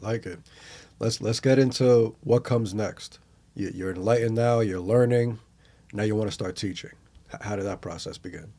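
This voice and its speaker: A man hosting a podcast, asking relaxed, low-key questions. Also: normal speed. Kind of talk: casual interview questions.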